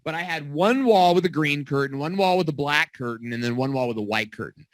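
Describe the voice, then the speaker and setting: Recording in his home basement studio, a middle-aged video-marketing coach teaches casually and animatedly, acting out quotes as he tells stories. He speaks fairly quickly in a slightly high voice, with a little hiss or hum in the audio.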